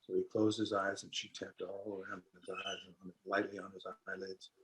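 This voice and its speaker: A man telling an old story in an interview, unhurried and folksy, lightly acting out the voices of its people. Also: sits low, little pitch movement, fairly bright tone, a little hiss or hum, poor audio. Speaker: storyteller and musician.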